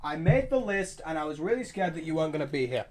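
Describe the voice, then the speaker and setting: An excitable male streamer with a fairly high voice, riffing on viewer comments in a loose, rambling way. He jumps between opinions with quick restarts and eager asides, keeping a casual livestream chat going. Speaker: livestream host.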